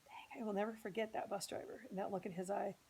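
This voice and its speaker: A woman's voice: mid-range voice, steady tone, fast talker, gravelly, mellow, husky, low-quality recording. A woman from Indianapolis earnestly telling a personal story as a podcast host, speaking with strong emotion. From Indianapolis, United States.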